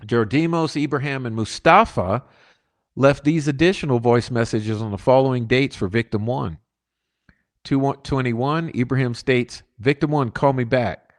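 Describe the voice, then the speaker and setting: A man's voice: mid-range voice, moderate pace. A man with a mid-range voice reads legal filings aloud for his channel. He breaks in with emphatic commentary, and his voice rises as he drives a point home. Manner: emphatic asides, rising when stressing points. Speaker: channel host. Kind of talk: reading court documents with commentary.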